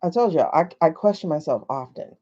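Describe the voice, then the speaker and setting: A woman's voice: low-pitched, expressive, brisk, warm tone. A woman hosting a casual livestream from her phone, chatty and skeptical, thinking aloud with many fillers. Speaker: livestream host. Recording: dull lo-fi livestream audio.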